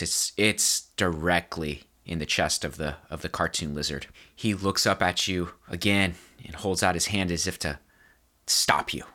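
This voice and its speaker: A man narrating as game master of a tabletop horror game, describing scenes in a measured way. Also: low-pitched, pushed and bright.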